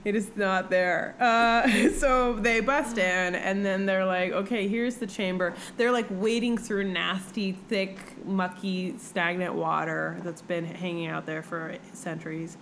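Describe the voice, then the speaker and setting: A young woman co-hosting a casual book-discussion chat, animated and profane, acting out characters in quick voices. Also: on the low side, a little hiss or hum, low-quality recording. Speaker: podcast co-host.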